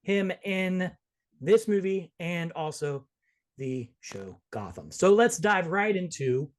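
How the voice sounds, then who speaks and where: A man hosting a casual movie review podcast, joking and talking in quick bursts with restarts. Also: high voice, expressive. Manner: jokey, quick, restarts often. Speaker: podcast host.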